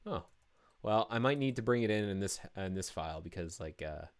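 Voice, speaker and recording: A man's voice: on the low side, expressive, a little fast, smooth. A man live-streaming his coding work, talking through each step casually with many fillers and restarts.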